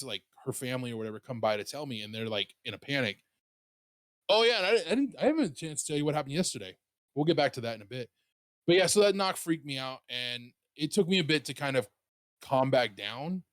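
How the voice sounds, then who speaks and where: A man casually telling a story on his show, rambling and animated, swearing freely. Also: medium pitch, a little fast, no echo, clean studio sound. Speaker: streamer and podcast host.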